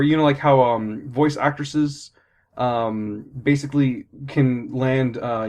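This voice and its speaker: A man's voice: mid-range voice, darkish tone. A man narrating as game master in a tabletop game, rambling and full of fillers and self-corrections.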